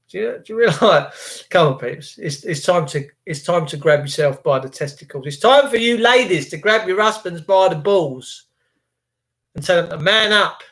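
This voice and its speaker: A man's voice: high voice, animated, moderate pace, a bit bright. A man, ranting and swearing angrily to viewers on a live stream, with sarcastic asides.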